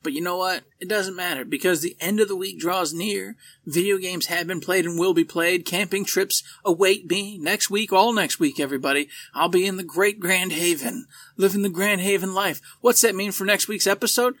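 Bright, hammy man co-hosting a podcast. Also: high voice, normal speed. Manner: upbeat, hammy and playful. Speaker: podcast co-host. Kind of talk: casual podcast chat.

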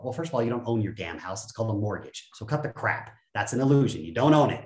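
A man's voice: fairly low pitch, lively intonation, fast, hardly any pauses, a little mellow, reverberant. A man speaking as a guest on a podcast, blunt and emphatic, often acting out other people's voices to make a point. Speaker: guest, self-help speaker. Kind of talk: energetic podcast conversation.

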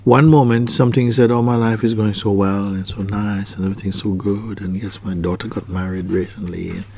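A man's voice: lowish voice, steady tone, fairly quick, vocal fry, warm tone, slightly rough. A man giving a spiritual talk as a teacher, asking probing questions and often repeating his phrases. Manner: questioning, repeats phrases, acts out quoted people.

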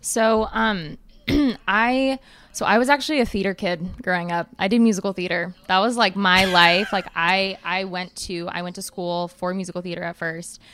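A woman's voice: on the low side, steady tone, moderate pace, fairly bright tone, slight background noise. A woman of twenty-three telling personal stories as a guest on a podcast, frank and full of swearing. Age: 20s. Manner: candid storytelling with lots of swearing. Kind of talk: casual podcast chat.

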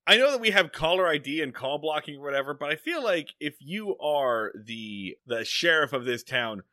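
Comedy podcast co-host: bright, lively man, dry close mic. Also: a little high, no room sound. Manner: animated, profane, retells scenes in quick mock voices. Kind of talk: casual comedic chat.

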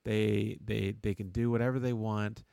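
A man with a low, gravelly voice rambles through sports talk, stopping and restarting with frequent "uh"s. He chuckles at his own stumbles. The sound is dry and close to the mic. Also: flat delivery, dark tone, dry recording. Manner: rambling, halting with many "uh"s, chuckles. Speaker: podcast co-host. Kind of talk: casual sports chat.

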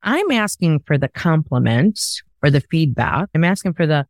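A woman's voice: low voice, big pitch swings, moderate pace, a little mellow, dry recording. A woman hosting a podcast in casual conversation, talking in an emphatic, coaching way. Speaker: podcast host.

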